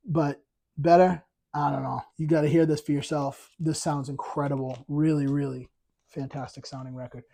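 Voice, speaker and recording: Excited man rambling about records. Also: a little high. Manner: enthusiastic, rambling with many fillers and restarts. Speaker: vinyl collector channel host. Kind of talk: casual record review vlog.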